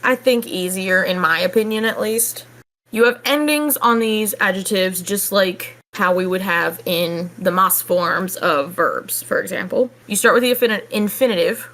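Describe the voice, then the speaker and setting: Chatty woman teaching a language lesson. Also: medium pitch. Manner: relaxed, chatty explaining with casual fillers. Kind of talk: casual online language lesson.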